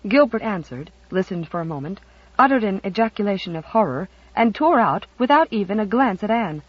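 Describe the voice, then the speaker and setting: Narrator for a storybook: expressive scripted reading, mid pitch, dry muffled audio. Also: brisk, no room sound.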